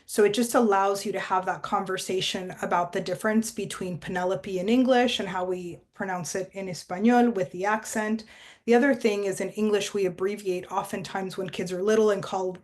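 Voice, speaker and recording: A woman presenting a teacher training workshop, explaining steps in a measured way with frequent fillers. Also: mid-range voice, steady tone.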